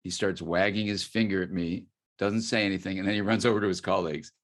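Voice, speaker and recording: A man from the United States appears as a guest expert, telling a story in an interview answer. His deep voice keeps a steady tone and a quick pace, though he's soft-spoken and drops nearly to a murmur.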